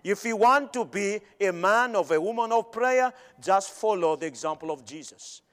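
A male preacher giving a sermon in an emphatic way, with pauses and repeated phrases. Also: high-pitched, lively intonation, fairly bright tone. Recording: long hall reverb.

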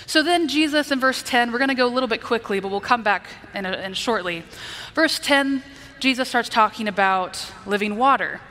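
A woman's voice: a little high, animated, moderate pace, pushed and bright, long reverb tail. A woman preacher giving a conversational Bible teaching, explaining and checking in with her listeners. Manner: explanatory, asks the listeners "right?".

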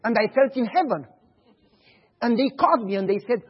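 Preacher, lively high voice. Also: male voice, normal speed, long pauses, breathy edge, dull audio. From Romania. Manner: animated storytelling, acts out dialogue. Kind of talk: sermon with personal stories.

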